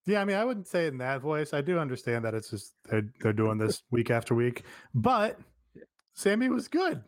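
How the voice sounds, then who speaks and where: A man co-hosting a podcast who rambles through his points with constant fillers and a casual swear here and there. His voice sits at an ordinary middle pitch. The sound is dry and close, with no room around it. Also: sing-song, normal speed, no echo. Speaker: podcast co-host. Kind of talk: casual chat.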